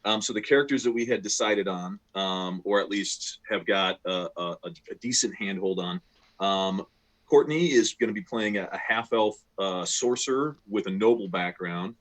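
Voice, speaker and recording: A man's voice: fairly low pitch, moderate pace, fairly bright tone. A man acting as game master in a casual online session, talking hesitantly with many ums.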